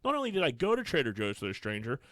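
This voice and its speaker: A fast-talking man telling a story on a podcast, his pitch swinging up and down as he quotes himself. He's recorded close and dry. He talks quickly and casually. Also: dry recording. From Pittsburgh area. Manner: animated storyteller, voice jumps high when quoting himself. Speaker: podcast co-host.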